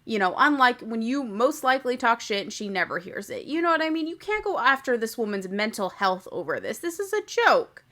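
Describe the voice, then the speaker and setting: A woman's voice: a little high, big pitch swings, a little fast, few pauses, sharp tone. A young woman hosting a casual podcast recap. She talks in a chatty, opinionated way and laughs often. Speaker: podcast host. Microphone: podcast microphone.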